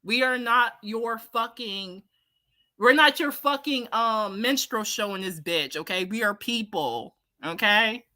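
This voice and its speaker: A woman's voice: a little high, a little slow, pushed and bright, dry recording. A woman giving a casual, heated, profane opinion rant to her viewers, blunt and repeating herself for emphasis. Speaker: commentary streamer.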